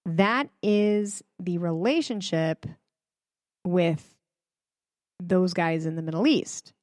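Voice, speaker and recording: A woman's voice: fairly low pitch, takes it slowly, darkish tone, no echo, studio quality. A woman hosting a casual religious commentary, chatty and emphatic, with many fillers, speaking straight to her viewers. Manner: addresses viewers directly. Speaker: host.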